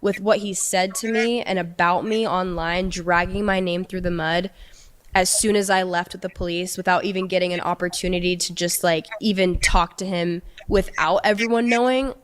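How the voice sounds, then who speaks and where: A young woman recounting a personal story in a casual, halting way, often restarting her sentences. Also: on the low side, steady tone. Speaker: storyteller recounting a past relationship.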